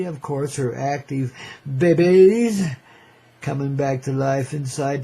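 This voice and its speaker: Creaky, mellow and husky, a little high in pitch, the older man hosts a radio show with a rambling, casual monologue. His hippie drawl is laid-back, and he often says "man" and laughs.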